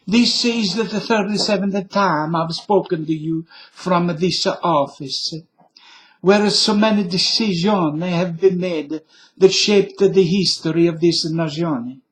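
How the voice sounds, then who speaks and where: A man's voice: sits high, slow pace. A man doing a solemn, mock-Italian statesman. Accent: put-on Italian. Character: man reading a presidential resignation speech in a put-on Italian accent.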